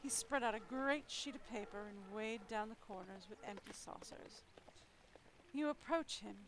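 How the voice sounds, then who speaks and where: A woman's voice: medium pitch, moderate pace, noisy background. A young woman streaming, reading a story game aloud with playful, wry asides.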